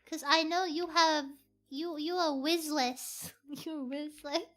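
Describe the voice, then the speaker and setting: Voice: high voice, steady tone, bright, forceful tone, soft background music, exaggerated voice. A live streamer doing a voice impression of a bumbling cartoon hunter who lisps his r's and w's. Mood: teasing. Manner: lisping r-to-w speech, slow and earnest. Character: cartoon hunter with a lisping wabbit-style speech, adult man, bumbling.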